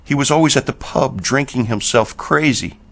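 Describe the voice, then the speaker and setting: A man's voice: mid-range voice, normal speed, voice pushed up, lightly acted. A man voicing a frightened, grieving teenage ghost girl with a Southern accent, tearful and pleading. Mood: mournful.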